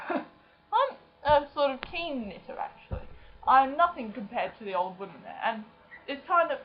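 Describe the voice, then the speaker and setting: A woman's voice: a little high, a little hiss or hum. Chatty young woman on a lo-fi webcam. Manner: chatty and self-mocking, acting out friends' voices. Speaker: vlogger. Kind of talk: casual chat to camera. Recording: dull lo-fi webcam sound.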